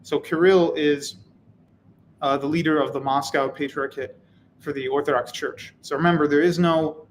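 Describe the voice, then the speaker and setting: A man's voice: on the high side, steady tone, moderate pace, a little hiss or hum, low-quality recording. Casual, wry man streaming live. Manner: casual, wry, rambling with fillers. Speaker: channel host. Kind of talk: live-stream commentary reading chat.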